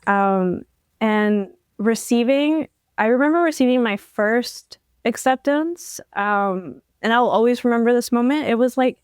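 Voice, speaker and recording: A young woman with a smooth, clear voice tells her story as a podcast guest. She talks eagerly, full of fillers and small restarts. The sound is dry and close. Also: fairly high pitch, unhurried, no echo. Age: young adult. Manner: enthusiastic, storytelling with many fillers. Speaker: podcast guest, incoming law student. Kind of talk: casual interview talk.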